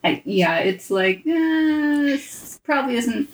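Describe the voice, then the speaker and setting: A young adult woman co-hosting a casual book podcast, speaking in a hesitant, measured way with many fillers. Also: mid-range voice, poor audio. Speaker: podcast co-host. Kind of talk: casual book club chat.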